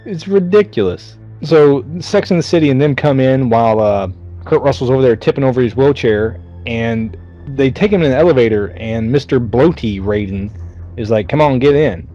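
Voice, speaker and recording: A man's voice: medium pitch, lively intonation, moderate pace, mellow, dull audio, faint music behind. A man co-hosting a podcast, retelling a movie in casual chat, swearing freely and putting on mocking voices for the characters. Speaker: podcast co-host.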